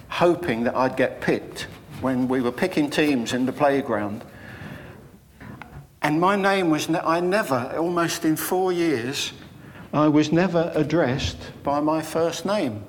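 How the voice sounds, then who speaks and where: An older male preacher delivers a sermon at an unhurried pace, weaving in personal memories as he goes. His voice carries a long church reverb, with a faint hum of room ambience behind it. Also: fairly high pitch. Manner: slow, storytelling delivery with personal anecdotes. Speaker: Methodist preacher.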